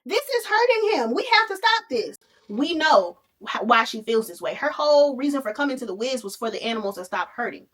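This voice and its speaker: A woman's voice: sits high, sing-song, fairly quick, a bit bright. A woman hosting a podcast, retelling a story in a sassy, casual way and calling listeners honey and baby. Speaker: podcast host. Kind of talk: casual movie recap.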